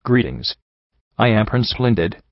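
A man reading the lines of a calm, dignified aristocratic unicorn prince in a storybook. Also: fairly low pitch, a little slow, dry recording, highs cut off.

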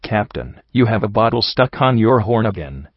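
Grizzled scarred pony buck, read by a man, weary groan, low and dry lo-fi. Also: big pitch swings, moderate pace, no echo. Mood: stiff. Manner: groaning, despairing. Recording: dull lo-fi dry recording.

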